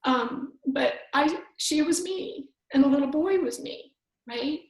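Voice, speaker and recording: A woman's voice: high voice, unhurried, a little mellow. A middle-aged woman telling personal stories as a podcast guest, earnest and reflective, often restarting her sentences. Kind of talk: personal storytelling in conversation. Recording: roomy echo.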